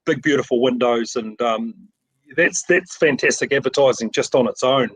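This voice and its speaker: A man's voice: medium pitch, moderate pace, slightly rough, no echo, low-quality recording. A middle-aged man with a New Zealand accent, a frame shop owner talking casually in an interview over a video call, modest and rambling with many fillers and restarts.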